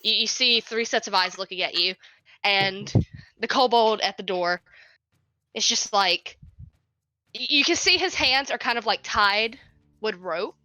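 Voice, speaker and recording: A woman narrating as game master of a tabletop game, halting and restarting often with frequent laughs. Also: medium pitch, pushed and bright, no room sound.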